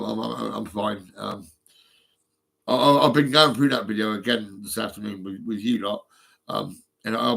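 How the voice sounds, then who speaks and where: Husky guy rambling on a live stream, lots of swearing and ums. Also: lowish voice, fairly bright tone. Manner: rambling, swearing, many fillers and restarts. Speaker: livestreaming vlogger.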